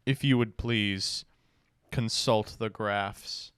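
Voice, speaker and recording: A man's voice: fairly low pitch, steady tone, slow, a bit bright, clean tone, no echo, clean studio sound. A man streaming, casually reading card game rules aloud and reacting with wry, sighing remarks.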